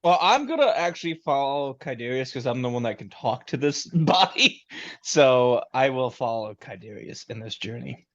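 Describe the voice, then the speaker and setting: A man's voice: medium pitch, very animated, moderate pace, lo-fi sound. A man arguing and joking as a player in a tabletop game, laughing often, heard over an online call. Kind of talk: casual tabletop game banter.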